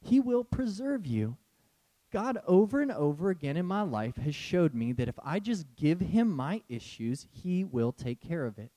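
Male pastor, sermon delivery, high voice with big swings, animated and casual. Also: moderate pace, few pauses. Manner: animated, conversational, laughs often.

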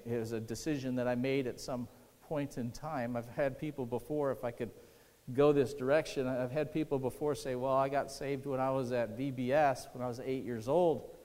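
A man's voice: mid-range voice, a little mellow. A man preaching a sermon to his congregation in a church, conversational and often asking the room questions. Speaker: pastor. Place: church sanctuary. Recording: long hall reverb.

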